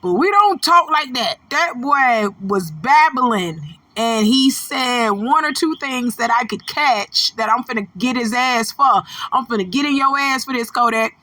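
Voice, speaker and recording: A woman's voice: a little high, expressive, measured pace, pushed and bright, no room sound. A middle-aged woman from Florida with a North Florida Southern accent, giving blunt, profane commentary. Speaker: commentary host. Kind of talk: casual commentary.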